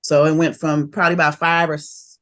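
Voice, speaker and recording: A woman, a rapper telling stories of her early career in a casual interview, animated and quick to laugh. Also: low-pitched. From Oakland, California. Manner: animated and laughing, fast bursts of memories.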